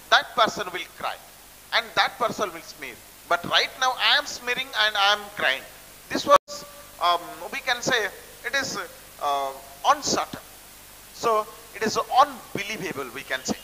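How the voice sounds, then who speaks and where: A man's voice: extremely high pitch, pushed and bright, in a large hall, a little hiss or hum, low-quality recording. A man with an Indian English accent explaining a textbook story to students, repeating phrases and stopping to define words. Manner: repetitive, restarts phrases while explaining word meanings. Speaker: college English teacher.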